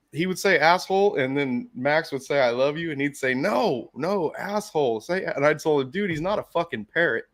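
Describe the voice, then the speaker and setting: A man in casual podcast chat who tells animated stories, swears freely and mimics his dog in a high voice. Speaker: podcast co-host.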